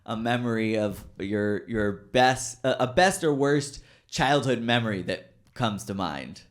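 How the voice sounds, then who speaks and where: A man's voice: mid-range voice, a little slow. A man hosting a casual podcast chat, laid-back and hesitant, laughing often. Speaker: podcast host.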